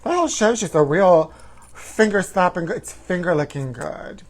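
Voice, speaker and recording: A man's voice: high voice, expressive, moderate pace. Campy man hosting a gossip comedy show. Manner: campy, calls listeners honey. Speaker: host. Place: home livestream.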